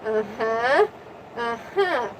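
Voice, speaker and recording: A woman quoting a weary male hero who speaks in a flat, dismissive way. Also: on the high side, extremely slow, noisy background.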